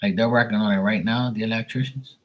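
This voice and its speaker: A man's voice: fairly low pitch, fairly even intonation, fast, fairly bright tone. A man hosting a live stream, chatting in a rambling, laid-back way and swearing often. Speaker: livestream host. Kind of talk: casual chat.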